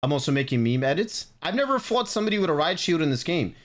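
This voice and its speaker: A man hosting a casual gaming stream, excitable and slangy as he chats with friends. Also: a little high, quick pace. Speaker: streamer host.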